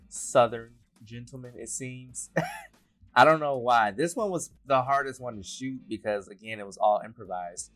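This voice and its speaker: A man, a writer and director, speaking in a relaxed behind-the-scenes interview, laughing often as he talks. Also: on the low side. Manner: relaxed, laughs often, loose rambling sentences.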